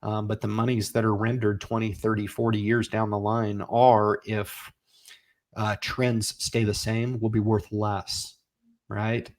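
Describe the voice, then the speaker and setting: A man in his forties hosting a casual livestream, reading viewer comments and urging them on in an energetic, folksy way. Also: lowish voice, measured pace. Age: 40s. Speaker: livestream host.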